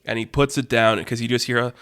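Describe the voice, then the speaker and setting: Young male host, animated and rambling, dry close sound, voice at a middle pitch. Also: quick pace, clean tone, no echo. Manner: rambling, animated, laughs at his own story. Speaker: podcast host. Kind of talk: comedic storytelling narration.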